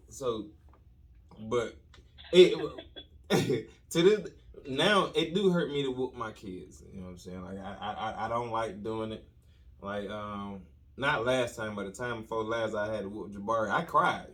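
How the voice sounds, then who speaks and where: A man hosting a podcast who tells a comic story in an animated, repetitive way with lots of slang and restarts. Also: on the low side, far from the mic. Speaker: podcast host telling a story.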